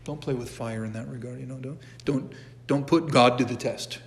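A man's voice: mid-range voice, steady tone, moderate pace, creaky. Man teaching a church class in an echoey hall. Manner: conversational, with frequent restarts and asides. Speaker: catechism teacher. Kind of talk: informal church class lecture. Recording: long echo of a church hall.

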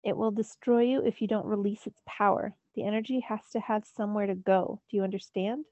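A woman reading a storybook's calm, commanding male god mentor, speaking steadily and a little lower and softer than her narration. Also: brisk, no room sound, lo-fi sound, natural voice.

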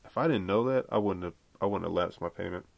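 A man's voice: low-pitched, fast talker, gravelly, no room sound. A man hosting a podcast on his own, talking in a loose, rambling way and swearing freely. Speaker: podcast host. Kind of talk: casual solo podcast chat.

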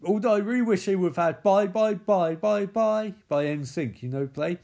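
A man giving sweary, excitable running commentary on a movie. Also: high voice, moderate pace, creaky.

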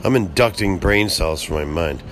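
A man's voice: sits low, lively intonation, moderate pace, a little hiss or hum. A man in his thirties talking in a rambling solo monologue, profane and interrupting himself constantly.

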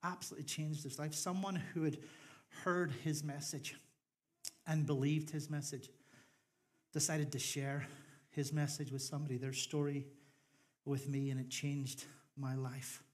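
Northern Irish male preacher, middle-aged, slightly high voice, jokey storytelling turning fervent. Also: little pitch movement, measured pace, long pauses, darkish tone. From Northern Ireland. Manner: humorous storytelling, rising to fervent appeal. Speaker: pastor. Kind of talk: sermon.

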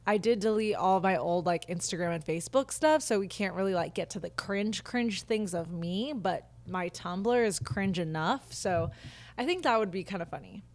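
Her voice is mid-range with a darkish tone, moving at a normal speed. She's a twenty-something podcast host on her living room couch, chatting solo and ranting openly, filling gaps with plenty of fillers.

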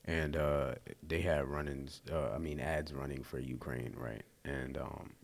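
A man's voice: extremely low pitch, flat delivery, measured pace. A man hosting a podcast, talking loosely and animatedly in casual chat, with casual swearing. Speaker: podcast host.

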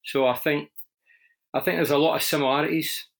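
A middle-aged Glaswegian man with a broad accent, speaking candidly in a relaxed interview. His voice sits a little high for a man, and he tells his stories with many restarts and asides. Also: fairly quick, vocal fry. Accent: Glaswegian Scottish. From Scotland. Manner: candid, storytelling, frequent restarts. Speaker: interview guest, former footballer and radio presenter. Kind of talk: conversational interview.

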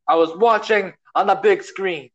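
A man impersonating a cocky male wrestler, boasting high and ending in a shrill whoop. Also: measured pace, a bit bright, lo-fi sound. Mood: boastful.

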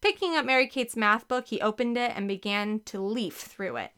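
A woman narrating a children's book with a lively, expressive reading. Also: fairly high pitch, normal speed, smooth. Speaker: audiobook narrator. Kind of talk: scripted narration.

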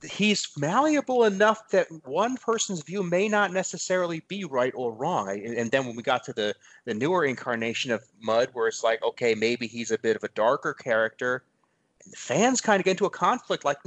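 A man's voice: fairly high pitch, lively intonation, fairly quick, a bit bright. A man hosting a podcast, chatting in a thoughtful way, hesitating and restarting his sentences often. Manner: thoughtful, hesitant, with frequent restarts and agreeing murmurs. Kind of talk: casual chat.

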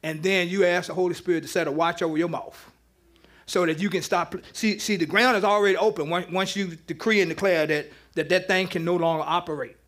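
In a church, a pastor with a high-pitched voice delivers an interactive sermon, speaking a little fast. He's loose and chatty, ribbing the congregation between points, and stays informal as he argues his case.

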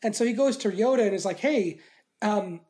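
A woman co-hosting a casual chat, recapping a film with crude jokes and quick silly voices for the characters. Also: a little high, dark tone. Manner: crude, joking, acts out scenes in silly voices.

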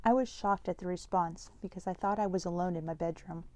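A woman's voice: fairly low pitch, steady tone, brisk, warm tone. A woman reading a first-person story aloud in a plain, conversational way.

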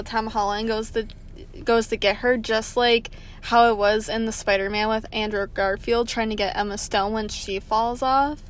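Woman, casual film chat, animated retelling, higher pitch. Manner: chatty, filler-heavy, animated retelling. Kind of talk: casual movie review chat.

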